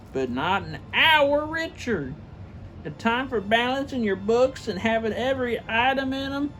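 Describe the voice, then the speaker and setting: A man's voice: extremely high pitch, fairly bright tone, exaggerated voice. A man voicing a bitter, scornful old miser in a comedic storybook reading, with shrieking outbursts.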